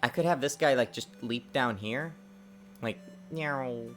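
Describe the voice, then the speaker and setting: A man streaming his game development work, talking to himself in a lively, self-mocking way. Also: medium pitch, moderate pace, soft background music. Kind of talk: casual livestream dev commentary.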